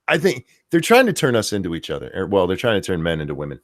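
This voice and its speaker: A man's voice: sits low, huge pitch swings, fast talker, few pauses, no room sound, clean studio sound. A middle-aged man ranting profanely on a casual live stream, reading viewer comments aloud as the host.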